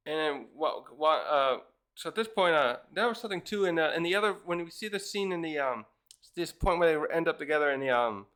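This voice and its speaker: A man's voice: a little high, normal speed, a bit bright, smooth. A man casually reviewing a comic chapter, rambling with many fillers and restarts. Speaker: manga reviewer.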